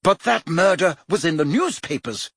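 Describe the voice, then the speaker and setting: A man's voice: fairly high pitch, animated, normal speed, breathy edge, no room sound, clean studio sound, voice pushed up, heavily acted. A man doing an irritable, barking prime minister. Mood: irritated. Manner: sharp, barking, sarcastic.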